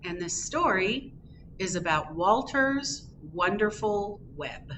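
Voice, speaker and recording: A librarian reading a picture book aloud to children at storytime, in an expressive, gently animated voice. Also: female voice, mid-range voice, takes it slowly, a little hiss or hum, rough recording.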